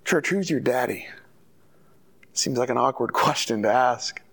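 A man's voice: mid-range voice, expressive, measured pace, fairly bright tone. A pastor preaching a sermon to his church, earnest and full of rhetorical questions.

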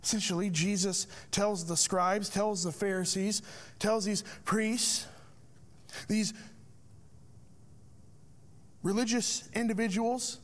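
Male pastor, higher-pitched voice, preaching with emphatic rhetorical questions. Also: steady tone, slow, pauses often. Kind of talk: sermon.

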